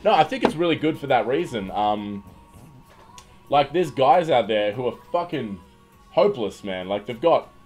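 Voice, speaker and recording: A man's voice: medium pitch, expressive, moderate pace, a little mellow. A young man with an Australian accent, hosting a livestream and chatting casually, joking and rambling with many restarts. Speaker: livestream host. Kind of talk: casual livestream chat reading viewer comments. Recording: faint music behind. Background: faint background music.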